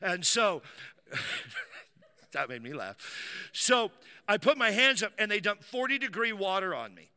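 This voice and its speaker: Bright high-voiced man preaching. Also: sing-song, unhurried, long pauses, in a large hall. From United States. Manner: vivid storyteller acting out dialogue. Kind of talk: sermon with personal storytelling.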